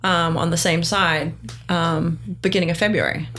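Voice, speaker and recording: A woman's voice: lowish voice, normal speed, a little hiss or hum. Woman telling a story animatedly. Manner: animated, acts out quoted dialogue. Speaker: guest sharing her story. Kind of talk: casual conversational storytelling.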